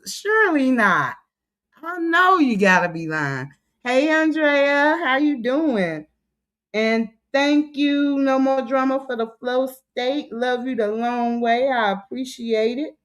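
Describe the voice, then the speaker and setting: A livestream host greets her viewers in a chatty way, with a clean tone and lively intonation. She stretches out her greetings and lowers her voice when reading comments aloud.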